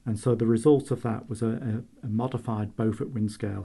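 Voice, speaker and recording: A man's voice: lowish voice, steady tone, brisk, vocal fry, hardly any pauses, warm tone, slightly rough. A man in his sixties with a Manx accent, a retiring meteorologist telling humorous stories in a chatty radio interview. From Isle of Man.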